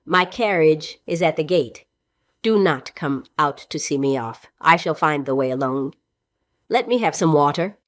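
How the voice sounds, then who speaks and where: A woman reading the role of a weary, fragile young actress in a play reading, with heartfelt, halting delivery. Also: sits low, animated, no echo, clean studio sound.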